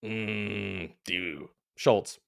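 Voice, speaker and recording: A man with a Southern US accent, an analyst on a live show, giving quick, decisive picks with folksy phrasing. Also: fairly low pitch, creaky. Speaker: fantasy football analyst. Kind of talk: live Q&A chat.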